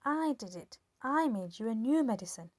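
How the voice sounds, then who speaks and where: A woman voicing an eager young boy who shouts excitedly in a storybook reading. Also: fairly high pitch, moderate pace, no room sound, studio quality, pitched above the performer's own voice. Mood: insistent.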